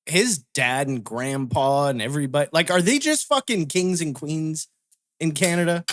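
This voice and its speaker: A man's voice: fairly high pitch, animated, moderate pace, slight background noise. A man co-hosting a podcast in casual crude banter, swearing freely, laughing a lot and restarting his sentences. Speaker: podcast co-host.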